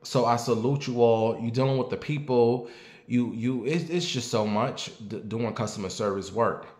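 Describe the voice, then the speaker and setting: This show host, a man in his late thirties recording at home, rambles through a casual, blunt commentary laced with profanity and asks listeners for their opinions. His pitch is medium, his tone darkish, his speed normal. Echo from the room is audible.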